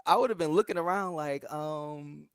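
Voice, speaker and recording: A woman's voice: low voice, normal speed, clear, resonant tone, dry recording. A woman co-hosting a casual show review, talking through scenes with laughs and acted-out quotes. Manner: chatty, laughing, acts out quotes in asides. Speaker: podcast co-host reviewing a reality show. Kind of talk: casual recap chat.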